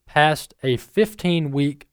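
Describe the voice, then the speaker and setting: A man's voice: on the high side, slow pace, clean tone, no echo. Conversational male radio co-host, dry sound. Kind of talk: talk radio hosting.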